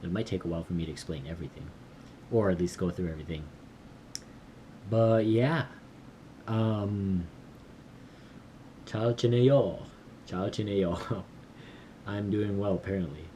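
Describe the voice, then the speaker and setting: A man recording himself while learning Korean, thinking aloud and repeating phrases slowly in a casual way. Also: deep voice, mellow, slight background noise. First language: English.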